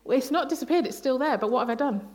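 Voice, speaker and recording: A woman leads a bible study at a church service, speaking in a slightly high, light voice. She is playful and chatty, quizzing children and parents and laughing between points. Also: rapid-fire, a little mellow. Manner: playful, laughing, asks the congregation questions. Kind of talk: interactive family sermon.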